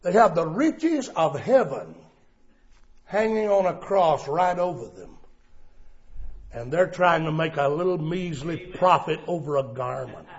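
A male pastor delivers a sermon in a high voice, slow and drawn out, and shouts the scripture quotes for emphasis. The sound is dull and lo-fi, like an old sermon tape. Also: lively intonation.

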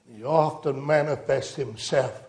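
A man's voice: mid-range voice, a little slow, a little mellow, roomy sound. A man preaching a sermon, telling a story in a down-home way and rising to emphatic pleas to his listeners. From rural United States.

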